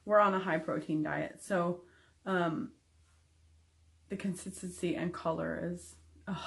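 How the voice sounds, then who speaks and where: A young adult woman giving a candid, frank recovery update to camera, with frequent ums. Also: fairly low pitch. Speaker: vlogger.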